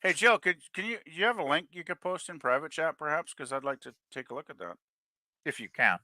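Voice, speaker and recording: A man's voice: on the high side, lively intonation, fairly quick, sharp tone, dry recording. A man on a livestream panel, chatting in a friendly way and searching for words. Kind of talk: casual livestream chat.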